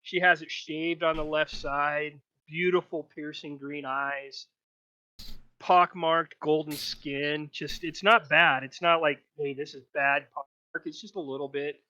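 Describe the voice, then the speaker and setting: A man narrating a tabletop role-play game as game master, describing scenes in lively detail. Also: on the high side, a little slow, muffled recording.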